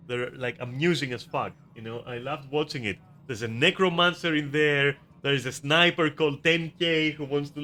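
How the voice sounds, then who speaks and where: A gaming video creator rants about a video game in casual commentary, swearing, exasperated, and often restarting sentences. His voice is fairly high, pushed, and bright.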